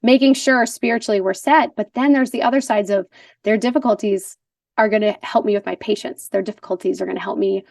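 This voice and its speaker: A woman in her forties, a guest in a casual conversation, telling stories in an animated way and laughing often. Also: mid-range voice, brisk, gravelly, no room sound, clean studio sound, far from the mic.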